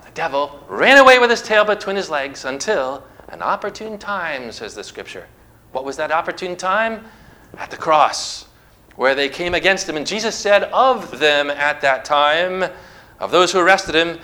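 A man preaching a sermon, retelling scripture stories with emphatic, dramatic delivery and slow stressed phrases. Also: a little high, animated, pushed and bright, low-quality recording. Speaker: pastor.

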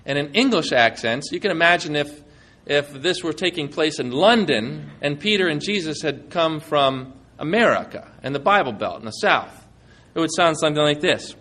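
A man's voice: on the high side, lively intonation, moderate pace, pushed and bright. A man preaching a sermon in a conversational, folksy manner, using plain everyday talk.

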